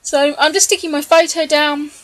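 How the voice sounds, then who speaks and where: A woman with a slightly high voice talks through her crafting in a recorded voice-over. She is chatty and relaxed, scattering ums and small laughs, and sounds a little tired late at night. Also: normal speed. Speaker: scrapbooking vlogger. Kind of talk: voice-over narration of a crafting process video. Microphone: voice-over recorded separately from the video.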